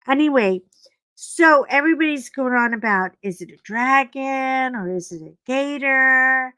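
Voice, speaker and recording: A chatty woman hosts a casual livestream from home, rambling between stories and stopping to coax her dogs. Her voice sits on the high side. The desk mic gives a dry, close sound with no room echo. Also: lively intonation, a little slow, sharp tone, smooth. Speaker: livestream host. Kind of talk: casual livestream chat while coloring.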